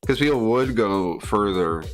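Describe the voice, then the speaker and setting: A man's voice: fairly low pitch, lively intonation, a little slow, faint music behind. A man livestreaming, talking in a casual, rambling way, arguing his opinions and often repeating and restarting phrases. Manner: argumentative, lecturing tone.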